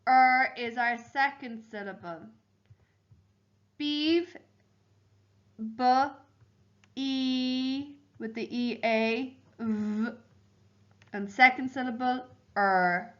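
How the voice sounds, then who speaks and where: A woman teacher giving a home learning phonics lesson to young children, slowly sounding out syllables and spelling words letter by letter. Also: fairly high pitch, a bit bright, muffled recording. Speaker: primary school teacher.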